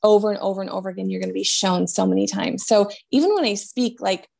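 A woman giving a spiritual medium reading in a gentle, reassuring way, often trailing off and restarting her sentences. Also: mid-range voice, fast, vocal fry.

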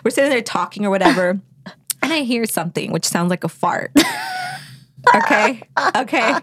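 A woman co-hosting a podcast, telling a story in casual chat, animated and profane, laughing often. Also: mid-range voice, fast, dry recording. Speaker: podcast co-host.

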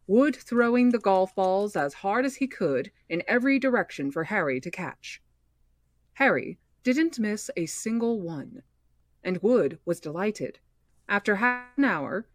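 A woman hosting a book podcast, reading a novel aloud in steady narration with small slips and restarts. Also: medium pitch, dry recording.

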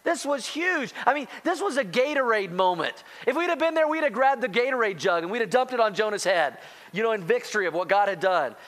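A man preaching a sermon as pastor, animated, talking straight to the congregation and calling out to them. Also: high-pitched, a little fast. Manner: animated, rising to near-shouting excitement; addresses congregation directly as church.

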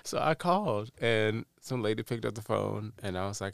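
A young man co-hosting a casual chat show, telling an animated story and acting out the people in it. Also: on the low side, moderate pace, gravelly, few pauses, smooth, no echo, clean studio sound. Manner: animated storyteller, acts out quotes, laughs often. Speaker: podcast co-host.

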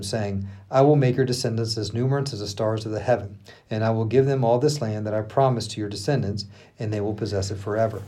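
This is a man reading scripture on a pastors' podcast. His voice is somewhat husky and moves a lot in pitch. He throws himself into the quoted lines, punching some up and dropping others low. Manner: expressive reading, acting out the quotes with laughs between. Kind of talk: reading scripture aloud with asides.

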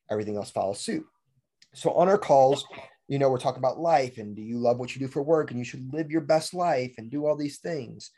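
Man, twenties, podcast host, energetic storyteller, frequent "like", laughs a lot. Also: mid-range voice. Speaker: podcast host and fitness coach. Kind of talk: casual podcast chat.

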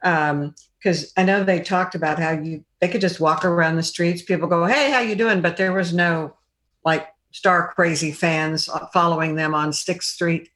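Older actress reminiscing, rambling. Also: female voice, on the low side, flat delivery, normal speed, a bit bright. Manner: reflective, rambling anecdotes. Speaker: actress guest. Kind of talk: interview conversation.

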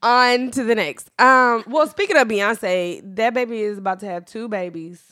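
A woman's voice: a little high, normal speed, bright, forceful tone, smooth, no room sound, studio quality. A woman co-hosting a podcast in casual chat, leading the topics in a frank, playful way. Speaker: podcast co-host.

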